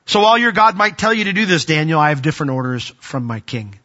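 A man's voice: a little high, sing-song, fast, pushed and bright, lo-fi sound. A man preaching a sermon in an earnest, conversational way with emphatic rises.

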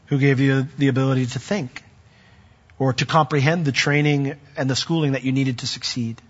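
Husky-voiced pastor preaching in an echoey hall. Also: male voice, medium pitch, steady tone, moderate pace, dull audio. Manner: builds to loud, emphatic peaks when reading scripture; conversational asides to the congregation. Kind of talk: sermon.

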